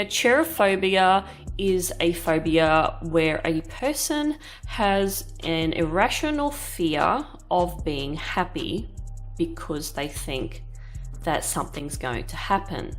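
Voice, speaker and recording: A woman's voice: on the low side, lively intonation, takes it slowly, faint music behind. A woman in her thirties chatting candidly while she paints, rambling and swearing casually. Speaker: art vlogger.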